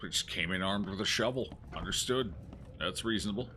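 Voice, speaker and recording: A man streaming a horror game, joking and yelling at the action as he plays. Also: sits low, fairly quick, background noise. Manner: excitable, jokey, yells at the game. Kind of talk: gameplay commentary.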